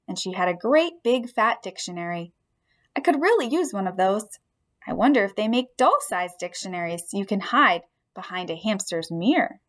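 Woman reading a story aloud, a bit high-pitched. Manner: expressive first-person storytelling. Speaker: narrator. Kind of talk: audiobook storytelling.

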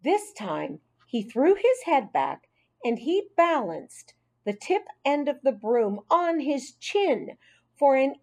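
A woman narrating a children's audiobook in an expressive, unhurried storytelling manner. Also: on the high side.

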